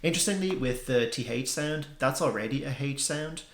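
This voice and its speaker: A young man, explaining a language point in a relaxed video lesson with plenty of ums. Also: mid-range voice, brisk, slight background noise. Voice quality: gravelly. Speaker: language teacher. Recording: echoey room.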